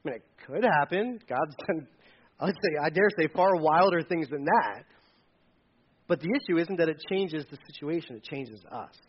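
A man preaching a sermon as pastor, animated, joking with the congregation and repeating key words for emphasis. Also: on the high side, normal speed, muffled recording, slight background noise.

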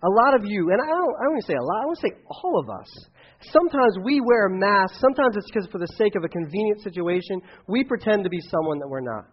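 A man in his thirties, a youth pastor, preaching to teenagers in a casual, rambling way, restarting sentences and telling a story with shouted bursts. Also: sits high, very animated, fast, slightly rough. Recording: dull lo-fi recording.

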